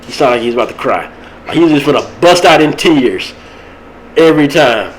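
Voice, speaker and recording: A young man, hosting a podcast and rambling about a local high school football game. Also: brisk, a little hiss or hum, rough recording. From Texas. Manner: rambling, animated, laughs at his own stories. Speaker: podcast host. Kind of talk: casual sports talk.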